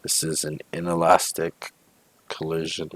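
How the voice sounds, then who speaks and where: A man's voice: very deep voice, monotone, measured pace, a bit bright, dry recording. A male physics teacher talking through homework problems step by step, often checking in with "okay?" and "right?". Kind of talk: homework walkthrough lesson.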